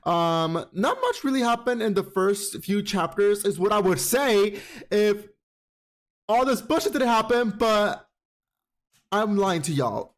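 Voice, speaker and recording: A man hosting a casual show, recapping comics in an expressive, sassy way, full of swearing and dramatic repeated exclamations. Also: high voice. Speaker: podcast host.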